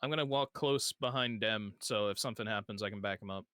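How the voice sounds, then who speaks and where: A man playing a tabletop role-playing game who jokes loudly and swears. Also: on the low side, fast, clean tone, dry recording, clean studio sound. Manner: loud, joking, swears. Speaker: player.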